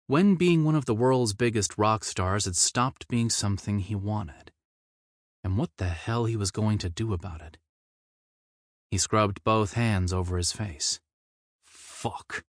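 Male audiobook narrator, low voice, measured scripted reading, dry close sound. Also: dry recording.

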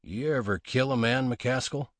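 A man's voice: mid-range voice, moderate pace, no room sound, lightly acted. Man doing a drawling, sly gunman. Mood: blunt. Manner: drawling, dry, cocky. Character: laconic sly frontier gunman, male adult.

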